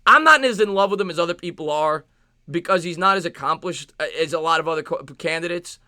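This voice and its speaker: Reading out viewer questions on his casual live stream, this New York–accented sports host answers fast, leaning on fillers and repeated phrases. His fairly high voice has a sharp tone. The recording is dry and studio quality.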